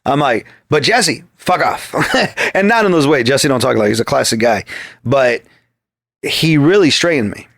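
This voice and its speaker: A man's voice: medium pitch, lively intonation, moderate pace, gravelly, a bit bright, no echo, studio quality. A man telling stories in a loose, profane podcast chat, often acting out quoted back-and-forth. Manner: swears constantly, acts out quoted exchanges. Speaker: podcast guest. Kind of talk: profane casual storytelling.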